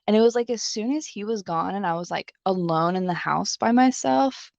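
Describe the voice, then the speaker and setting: A woman's voice: medium pitch, moderate pace, creaky, darkish tone, no echo, dull audio. A young adult woman co-hosting a podcast, telling a personal story in a casual, chatty way and leaning heavily on the filler "like". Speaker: podcast co-host.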